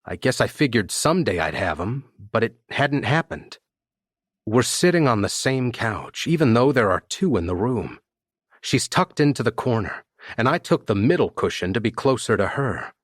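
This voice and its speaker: A man reads a romance audiobook in the first person, relaxed and conversational. His husky voice moves lively up and down. The sound is dry and close to the mic. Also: mid-range voice, moderate pace, dry recording. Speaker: audiobook narrator.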